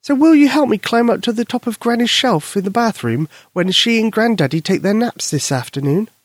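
A man doing a squealing, excited little girl. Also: sits high, fairly quick, no echo, studio quality, voice pushed up.

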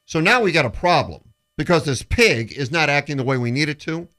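Animated man telling a story on radio. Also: a little high, fairly quick. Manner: animated storyteller, acts out quoted people. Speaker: sports radio co-host. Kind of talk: casual radio banter and storytelling.

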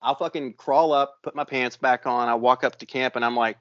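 A man hosting a podcast, telling a long story in a casual, profane, animated way. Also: on the high side, brisk, few pauses, dull audio. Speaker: podcast host.

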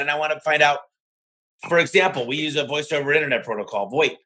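A man who owns a home services business, talking in a lively podcast conversation and acting out the exchanges he has with other owners. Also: fairly high pitch, fast, poor audio. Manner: animated, acts out his own conversations in quoted voices.

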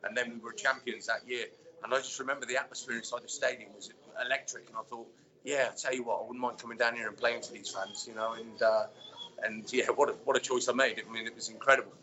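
Man, ex-footballer guest, rambling easy storyteller, bright voice, dull lo-fi sound. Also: medium pitch, fast. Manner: relaxed storyteller, many fillers. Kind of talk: casual interview chat.

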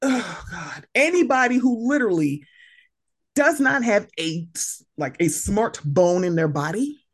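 A woman hosting a podcast in casual chat, animated and sassy, acting out exchanges with people. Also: medium pitch, unhurried. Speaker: podcast host.

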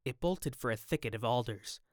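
This audiobook narrator, a man with a medium-pitched voice, lively intonation and a slightly fast pace, reads a classic novel in studio quality with no room sound. His scripted narration performs every character's lines loudly and with raised voices.

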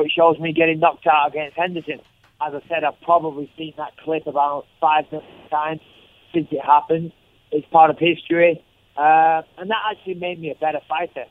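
A man, a fighter calling in for a casual interview, swearing freely and joking in an upbeat way. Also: on the high side. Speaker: fighter guest on the phone. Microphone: phone. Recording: tinny phone line.

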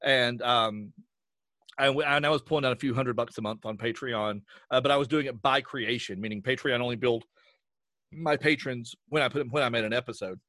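A man from Southwestern Virginia, a podcast guest talking casually in a rambling, self-deprecating way with quick restarts. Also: medium pitch, pushed and bright, no echo, studio quality. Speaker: podcast guest, audio drama creator.

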